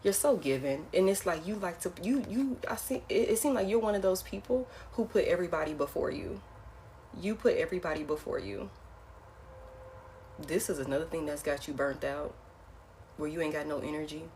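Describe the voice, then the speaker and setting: A woman's voice: low-pitched, a little fast, darkish tone, a little hiss or hum. A woman giving a casual, frank tarot reading who keeps repeating her key phrases. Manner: repeats phrases, frank and blunt, addresses listener as baby. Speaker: tarot reader.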